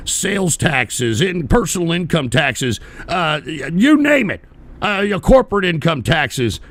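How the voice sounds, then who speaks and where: A man's voice: a little high, a little slow. A man hosting a live political talk stream, ranting bluntly with heavy swearing and reading out viewer donations. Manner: blunt, profane, animated ranting. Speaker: political talk show host.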